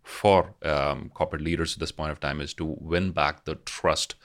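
Low-voiced measured male interviewer. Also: steady tone, a bit bright. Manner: measured, with frequent short affirmations. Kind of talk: conversational interview.

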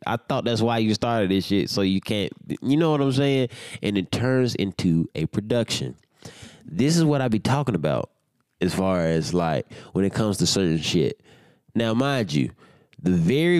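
A man's voice: fairly low pitch, a little mellow, dry recording, studio quality. A young man hosting a casual solo podcast, talking in a loose, rambling and profane way, sleepy and yawning without his coffee. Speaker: podcast host.

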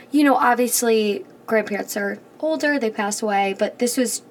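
A young woman co-hosting a podcast in casual chat, speaking hesitantly with many pauses and restarts. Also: fairly high pitch, a little hiss or hum. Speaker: podcast co-host.

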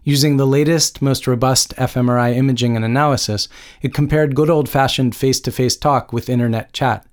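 A man's voice: medium pitch, fairly even intonation, a little fast. A man reading a novel aloud as an audiobook narrator, with a dry, wry storytelling manner. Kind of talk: scripted narration.

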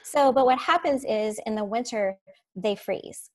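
A woman teacher telling classroom stories in a casual, animated way, laughing as she goes. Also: fairly high pitch, unhurried. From Florida. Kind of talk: casual storytelling on a podcast.

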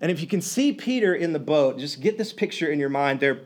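Male preacher, slightly higher voice, conversational and animated storytelling sermon. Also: brisk. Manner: animated, acts out quoted lines, many restarts.

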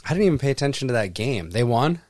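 A man chatting casually on a podcast as co-host, easygoing and quick to react. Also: medium pitch, big pitch swings, darkish tone, no room sound. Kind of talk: casual chat.

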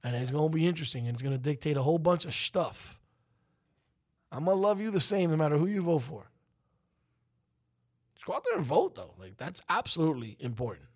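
Emphatic talk show host, lively. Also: male voice, a little high, a little fast, pauses often. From United States. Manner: emphatic, preachy, rising to outbursts. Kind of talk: opinion monologue on a talk show.

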